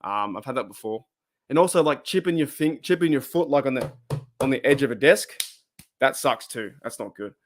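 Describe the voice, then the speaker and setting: A man's voice: mid-range voice, animated, a little fast, a little hiss or hum. An Australian man hosting a live sports podcast, fired up and rambling as he reads chat comments aloud. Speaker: podcast host.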